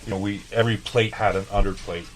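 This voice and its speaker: Speaking quickly in a steady, lowish voice, this El Paso, Texas chef tells loose, profane anecdotes on a podcast and plays out past dialogue in an easygoing interview style. The recording is rough, with a bit of hiss or hum.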